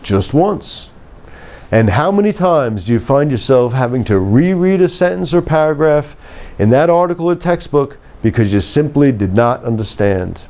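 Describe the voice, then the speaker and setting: A man teaches writing in a scripted lecture. His voice is mellow and lowered in tone, but his pitch moves in a lively way. He stresses key words and lets each sentence settle with a falling close. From United States. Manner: measured, emphatic, drops pitch at phrase ends. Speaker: writing instructor.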